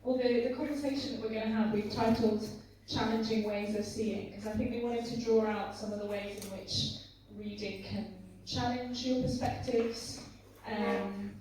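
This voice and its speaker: A woman hosting a talk at a conference, introducing her guest and asking questions in a mellow, fairly flat voice, with plenty of ums and uhs. The sound comes from off the mic in a large, very reverberant hall. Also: mid-range voice, far from the mic, slight background noise. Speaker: interviewer and conference host.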